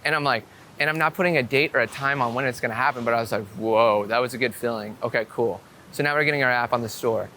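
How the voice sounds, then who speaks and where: Excitable swearing man vlogging outdoors, bright voice. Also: medium pitch, quick pace, a little hiss or hum. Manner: excitable, swearing storyteller with many "I'm like" quotes. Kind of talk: casual talk to camera. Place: outdoors on a city street.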